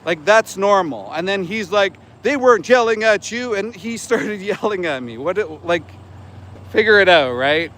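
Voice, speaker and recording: Indignant high-voiced man filming on a sidewalk. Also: lively intonation, measured pace, a bit bright. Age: 40s. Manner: indignant, repeats himself when confronted. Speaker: vegan activist livestreamer. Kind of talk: live street vlog. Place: outdoors on a city sidewalk. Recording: faint street noise outdoors. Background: street traffic.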